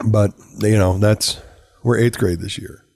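A man's voice: on the low side, fairly even intonation, unhurried, a little mellow. A middle-aged man and parent telling a story in casual conversation, candid and self-mocking, swearing and laughing often.

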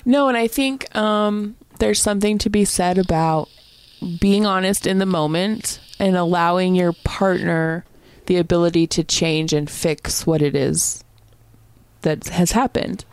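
A woman's voice: on the low side, steady tone, measured pace, clear, resonant tone, dry recording. A woman co-hosting a relationship podcast, agreeable and candid, laughing often. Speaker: podcast co-host. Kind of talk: casual relationship advice chat.

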